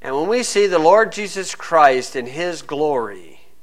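A man's voice: a little high, big pitch swings, unhurried. A man preaching a sermon, full of rhetorical questions, acting out hecklers and reading scripture aloud.

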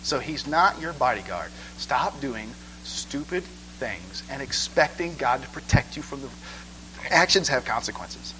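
A man preaching a sermon in church, conversational and animated, asking "okay?" again and again. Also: medium pitch, unhurried, a little hiss or hum, rough recording.

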